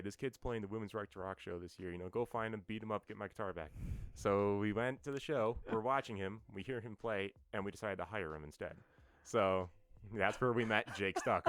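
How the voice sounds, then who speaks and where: Deep-voiced rambling bassist. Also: male voice, a bit bright, clean tone, no room sound. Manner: rambling storyteller, many fillers. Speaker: band bassist guest. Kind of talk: casual podcast interview. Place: New York.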